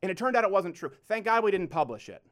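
A man's voice: high voice, sing-song, fast talker, a bit bright. A male host delivering an emphatic closing monologue rant, hammering home his points with repeated rhetorical questions.

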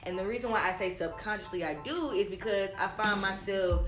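A woman co-hosting a casual chat, rambling and swearing freely as she talks it through. Her voice sits in a reverberant room. Clear music runs underneath. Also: medium pitch, fairly quick. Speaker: podcast co-host, mother.

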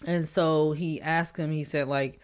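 A woman's voice: deep voice, steady tone, measured pace, clear, resonant tone. A woman co-hosting a casual podcast, animatedly retelling film scenes and laughing often. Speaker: podcast co-host. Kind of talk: casual film-discussion chat.

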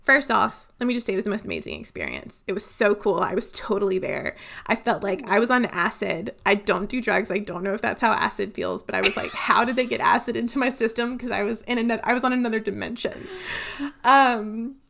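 A woman's voice: medium pitch, lively intonation, fairly quick, vocal fry, fairly bright tone. A woman co-hosting a book podcast, telling stories in a chatty way, full of "like". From Louisiana. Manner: chatty storyteller, many "like"s. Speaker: podcast co-host. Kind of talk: casual book podcast chat.

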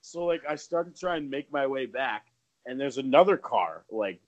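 A man in his thirties, a podcast co-host telling a story casually, swearing freely and jumping up in pitch when acting out quotes. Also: animated, normal speed. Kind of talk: casual storytelling among friends.

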